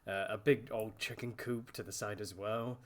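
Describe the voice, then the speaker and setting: A man's voice: on the low side, moderate pace. Man running a tabletop game. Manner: relaxed, descriptive, loosely improvised. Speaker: dungeon master.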